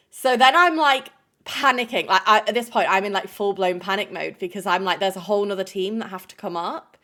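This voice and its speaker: A woman's voice: medium pitch, normal speed, fairly bright tone. A woman streamer telling chat a stressful story in a rambling, emotional way, full of fillers.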